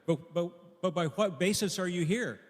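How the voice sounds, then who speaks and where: A man's voice: high voice, moderate pace, pitched above the performer's own voice. A pastor voicing a flustered, fussy male angel who stammers as he questions a newcomer at heaven's gate. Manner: stammering, fussy, rising panic. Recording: long echo of a large hall.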